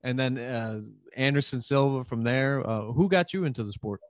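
A man from Long Island, hosting a podcast in a joking, animated way and swearing freely. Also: mid-range voice, moderate pace, no echo, clean studio sound. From Long Island, New York. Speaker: podcast host. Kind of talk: casual podcast chat.

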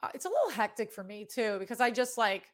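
A woman's voice: fairly high pitch, sing-song, quick pace. A woman in her thirties from New England with a Boston accent tinged with New York, hosting a sports betting show in rambling, casually profane chat.

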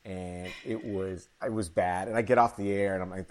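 A man from Chicago who works as a sports broadcaster, telling stories in a casual interview, animated, with many fillers and restarts. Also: low voice, normal speed.

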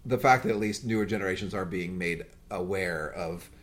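A man's voice: deep voice, brisk. A man hosting a podcast, telling stories in a rambling, jokey, casual way. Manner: animated, rambling, jokey storytelling. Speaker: podcast host.

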